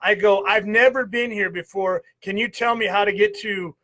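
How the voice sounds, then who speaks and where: A man's voice: sits high, fairly even intonation, normal speed, pushed and bright. A man in his thirties hosting a live show, chatting casually and swearing freely. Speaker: host. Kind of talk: casual chat.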